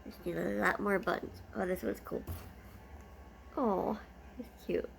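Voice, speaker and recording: A woman's voice: medium pitch, steady tone, measured pace, vocal fry, a little hiss or hum. A woman vlogger chatting casually as she unboxes gifts, gushing and easily delighted.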